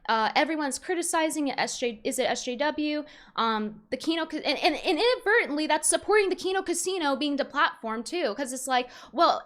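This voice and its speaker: A woman's voice: sits high, fairly bright tone. A young woman streamer rambling in frustration about a falling-out, with many restarts and fillers. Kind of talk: casual stream commentary.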